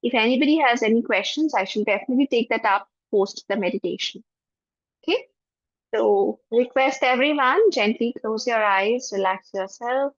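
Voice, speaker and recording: A soft, soothing woman's voice, a little high and carrying an Indian English accent, belongs to a spiritual teacher leading a forgiveness meditation. She repeats her phrases slowly. The audio is dry and dull, recorded close and lo-fi with no echo.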